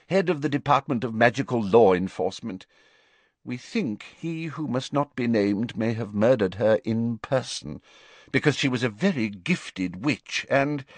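Flustered, defensive wizard minister, high and agitated, read by a male narrator. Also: no room sound. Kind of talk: audiobook character voice.

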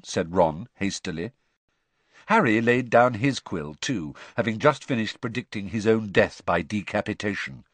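A man narrating a story in an expressive, scripted reading. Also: sits low, a little slow, dry recording. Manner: expressive reading with lively intonation. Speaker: audiobook narrator.

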